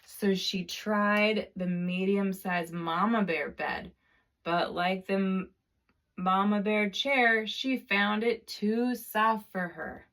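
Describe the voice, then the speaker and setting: A woman with a mid-range voice reads a children's storybook tale, narrating expressively and stretching out dramatic repetitions.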